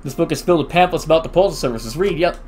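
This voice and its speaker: A young man hosting a let's play, reading game dialogue aloud with chatty, excitable reactions. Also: on the high side, rapid-fire, faint music behind.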